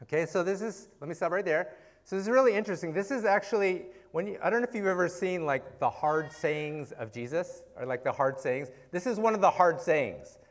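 A man's voice: sits high, expressive, brisk. A man preaching in a casual, conversational Bible-teaching style, often checking in with "okay" and "right?" and asking rhetorical questions.

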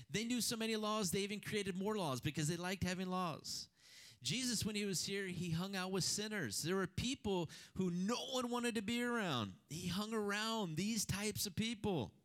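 A man preaching a sermon, reading scripture and then talking in a conversational, animated way with rhetorical questions to the congregation. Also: high voice. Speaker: pastor.

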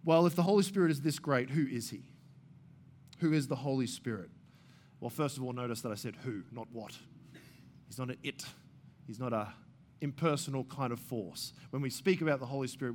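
A man's voice: medium pitch, a little fast, a little mellow, a little hiss or hum. A man preaching a sermon as pastor, earnestly asking his congregation questions and repeating words as he thinks aloud.

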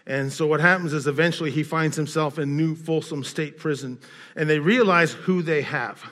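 A man giving a sermon, telling a story with many fillers and restarts, getting louder and higher in dramatic parts and dropping quiet when reflecting. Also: normal speed. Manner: storytelling, rising loud and high in quoted scenes, dropping quiet in reflection. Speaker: pastor.

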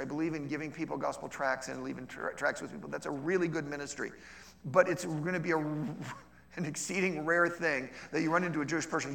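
A middle-aged man with a somewhat high, gravelly voice teaches a session as a missionary, talking to the room and often checking in with "okay?". He acts out little exchanges with lively shifts in tone. His words ring out with the long reverb of a large hall. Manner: conversational, checks in with frequent "okay?".

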